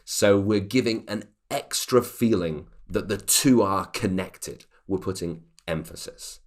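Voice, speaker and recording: A man teaching an English grammar lesson, explaining clearly and reading example sentences aloud. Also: lowish voice, unhurried.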